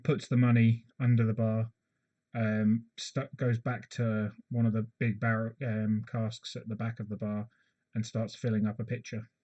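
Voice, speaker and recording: A man's voice: fairly low pitch, little pitch movement, moderate pace, dark tone, lo-fi sound. A man narrating as game master, hesitant and full of fillers. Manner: hesitant, many fillers, laughs easily.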